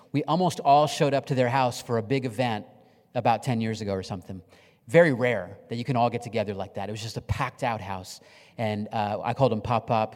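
A man's voice: mid-range voice, darkish tone. A middle-aged man preaching a sermon as a pastor, telling stories in a conversational, emotional and humorous way on a stage mic in a church sanctuary. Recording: long reverb of a large hall.

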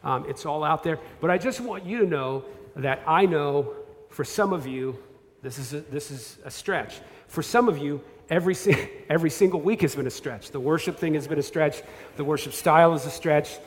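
A man's voice: a little high, normal speed. A man in his thirties, a pastor, preaching a conversational, self-deprecating sermon with asides and restarts. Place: church sanctuary. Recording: long hall reverb.

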